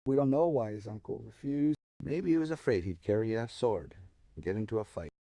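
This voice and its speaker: A man telling a folk tale aloud, moving expressively between soft and emphatic delivery. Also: lowish voice, expressive, fairly quick, dry recording. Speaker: storyteller. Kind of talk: dramatic oral storytelling.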